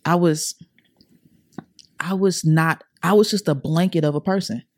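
A woman's voice: on the low side, steady tone, measured pace, no room sound. A young adult woman as a podcast guest, telling her life story with earnest, repetitive, slang-filled casual talk. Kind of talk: emotional personal storytelling.

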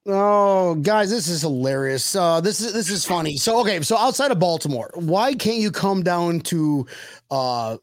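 An excitable man hosts a loose, casual chat, bragging and joking with his guests. His voice sits fairly high, recorded dry and close. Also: normal speed, no room sound. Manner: excitable, laughs often, boastful banter. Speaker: host. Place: Miami area.

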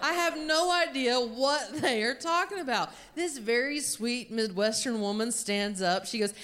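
Slow-talking woman doing stand-up. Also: a little high. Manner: animated, exclaiming punchlines. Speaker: stand-up comedian. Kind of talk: stand-up storytelling. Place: theater stage before a live audience.

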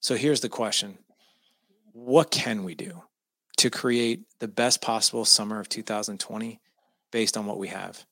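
Gravelly man telling an emotional story. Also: lowish voice, normal speed, sharp tone, no room sound. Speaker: guest. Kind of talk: personal storytelling.

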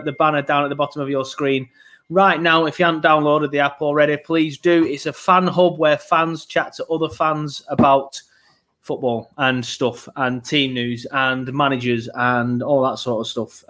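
A man's voice: a little high, fairly bright tone. A young man hosting a casual football podcast, rambling with frequent ums. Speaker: podcast host.

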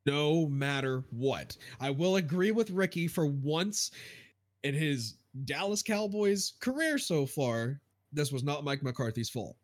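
A man's voice: a little high, expressive, slow. A man co-hosting a football podcast, listing his points in a heated opinion rant. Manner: listing points, rising to outbursts. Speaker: podcast co-host.

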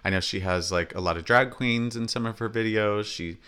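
A man co-hosting a pop-culture podcast in casual chat, laughing often and talking in quick asides. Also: fairly low pitch, pushed and bright, clear, resonant tone. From Southern California. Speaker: podcast co-host.

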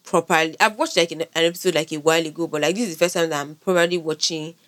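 A woman with a notably low voice co-hosting a laid-back podcast. She rambles in a relaxed way, full of likes and restarts. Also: racing. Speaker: podcast co-host. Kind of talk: casual chat.

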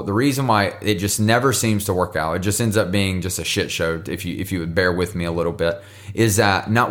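A man hosting a devotional podcast, talking casually and earnestly, encouraging listeners and often repeating words as he goes. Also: low voice. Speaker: podcast host.

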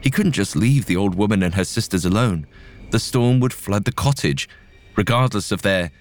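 A man narrating a scripted story in a measured, dramatic way. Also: on the low side, soft background music.

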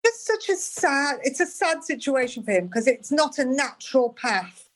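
Woman guest with measured remarks. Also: sits high, big pitch swings. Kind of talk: casual comedic chat.

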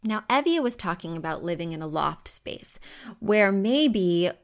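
A woman's voice: medium pitch, expressive, measured pace. A woman hosting a podcast from home, giving chatty, emphatic design advice.

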